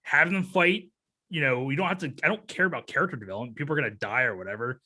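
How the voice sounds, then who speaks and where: A man co-hosting a casual film review podcast, animated and laughing often, his voice jumping high when excited. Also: fast talker. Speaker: podcast co-host.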